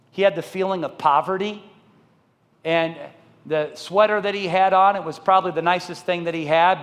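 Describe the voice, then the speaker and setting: Forty-something pastor guy preaching, high voice, earnest, gets quiet and low for the heavy parts, big echoey church hall. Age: 40s. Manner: earnest, drops soft and low for emotional parts. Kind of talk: sermon storytelling.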